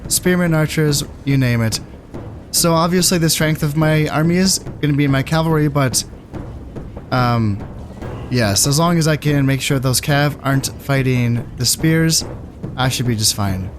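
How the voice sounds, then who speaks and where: A man casually commentating his strategy game, thinking aloud in a relaxed, musing way with fillers. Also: on the high side, moderate pace, music in the background. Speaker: gameplay commentator. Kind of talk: casual let's-play commentary.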